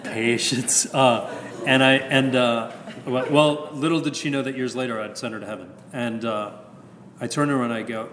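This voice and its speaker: A man's voice: mid-range voice, steady tone, normal speed, fairly bright tone. A male priest telling a personal story in a candid, rambling way, chuckling at his own jokes. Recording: reverberant hall with faint background noise.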